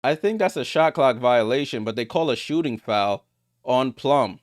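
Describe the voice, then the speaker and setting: A man giving live play-by-play of a basketball game as a streamer, getting louder on big plays and greeting viewers in the chat. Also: animated, moderate pace, no room sound, clean studio sound. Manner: rises sharply in pitch and volume on big plays.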